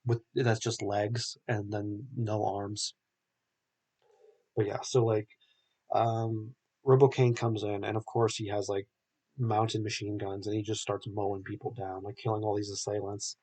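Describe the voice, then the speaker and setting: A man's voice: on the low side, little pitch movement, a little slow, darkish tone, husky. A young man hosting a podcast, recapping a film in a rambling, casual way full of filler words. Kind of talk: casual chat.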